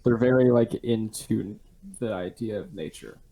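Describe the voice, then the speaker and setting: A man's voice: fairly low pitch, a little slow, gravelly, mellow, slight background noise. A young man co-hosting a podcast, chatting casually and joking while he retells a video. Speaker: podcast co-host. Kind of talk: casual chat.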